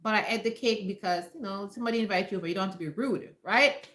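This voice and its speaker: A woman's voice: mid-range voice, quick pace, a bit bright. A woman hosting a casual live-stream health talk from home, speaking emphatically and repeating her points as she addresses viewers directly. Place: home room. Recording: echoey room.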